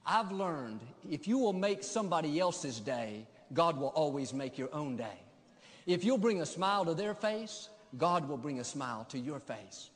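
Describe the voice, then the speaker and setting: Brief: male pastor, higher voice, emphatic sermon delivery, long reverb of a big church. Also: very animated, moderate pace. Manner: emphatic preaching cadence.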